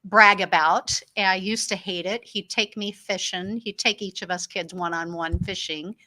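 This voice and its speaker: Bright-voiced woman telling personal stories. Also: mid-range voice, normal speed. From Illinois. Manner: earnest, animated when quoting others. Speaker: host. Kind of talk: personal storytelling monologue.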